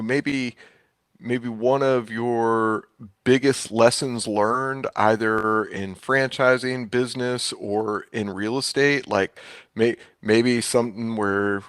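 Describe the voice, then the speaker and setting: A man's voice: on the low side, fairly bright tone, no room sound, clean studio sound. A man hosting a casual interview, asking hesitant questions with frequent restarts. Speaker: podcast host.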